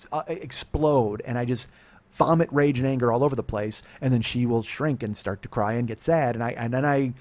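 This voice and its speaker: A man in his forties with a mid-range voice tells a confessional comedy story. His delivery is profane and self-mocking, and it swings between low, quiet muttering and sudden loud outbursts. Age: 40s. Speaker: podcast host.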